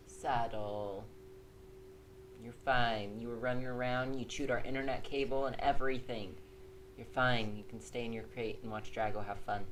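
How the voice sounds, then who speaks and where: A woman's voice: extremely low pitch, fairly even intonation, normal speed. Laughing, easygoing woman co-host. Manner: laughs often, speaks loosely with many fillers. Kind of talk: casual chat. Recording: faint background noise.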